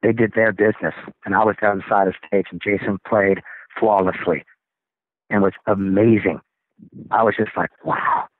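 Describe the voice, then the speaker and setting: A man, a rock singer, telling stories as an interview guest, acting out other people's lines in excited, high voices. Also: moderate pace, no room sound. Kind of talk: casual storytelling interview. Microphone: phone. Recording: tinny, dry phone line.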